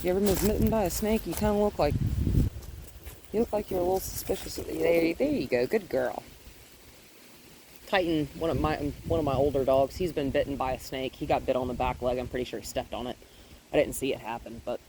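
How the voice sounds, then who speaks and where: A woman dog trainer walking a dog outdoors, explaining her steps calmly and praising the dog in a high, happy voice. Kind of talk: hands-on training demonstration. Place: outdoors in a yard with trees. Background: faint wind.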